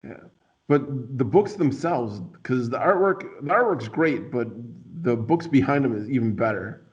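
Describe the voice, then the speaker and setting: Playful rambling male host, mid pitch, dull lo-fi recording. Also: lively intonation, normal speed. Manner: rambling, filler-heavy, playful. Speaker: podcast host. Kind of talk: casual chat. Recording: dull lo-fi sound.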